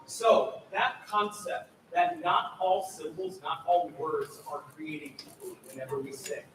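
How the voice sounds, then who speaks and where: A man with a fairly high, very animated voice leads a school choir rehearsal, calling out counts and modeling each phrase himself. He is picked up from across a big, booming hall, with a faint hum of ambience underneath. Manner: energetic, demonstrates phrases by speaking and singing them. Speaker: choir clinician. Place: large echoey rehearsal room. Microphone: far room recording. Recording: echoey hall recorded from far off.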